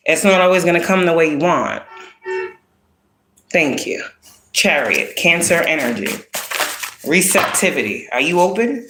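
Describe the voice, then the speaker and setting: A woman's voice: lowish voice, animated, measured pace, long pauses, music in the background. A woman giving a casual spiritual card reading, talking bluntly with heavy profanity and streetwise slang. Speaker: spiritual reader. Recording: roomy echo.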